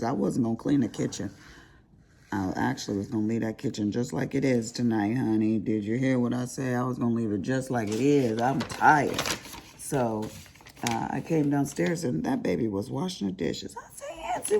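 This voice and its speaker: A woman's voice: a bass voice, gravelly, mellow. An older grandmother chatting casually to her viewers as she crafts, rambling and laughing at her own asides. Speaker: crafting vlogger. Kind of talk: casual chat while crafting.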